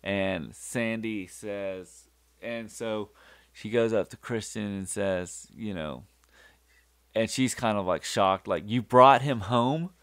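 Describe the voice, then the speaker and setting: Male podcast host, low gravelly voice, unhurried, halting casual recap. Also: dry recording. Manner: halting, many fillers and restarts.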